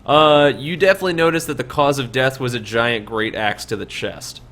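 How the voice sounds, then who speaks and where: A man's voice: medium pitch, fairly quick, fairly bright tone, a little hiss or hum. A man narrating a tabletop game as dungeon master, loose and full of fillers.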